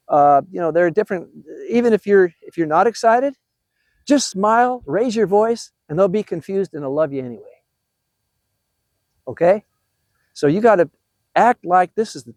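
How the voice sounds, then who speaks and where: An older man giving a motivational talk to new youth soccer coaches, animated and encouraging, often checking in with his listeners. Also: high-pitched, dry recording, studio quality.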